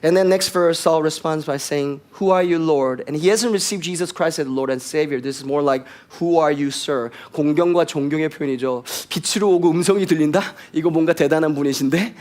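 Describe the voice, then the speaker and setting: A man preaching a sermon as pastor, switching back and forth between two languages in a lively, emphatic way. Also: on the high side, racing, few pauses. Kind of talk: bilingual sermon.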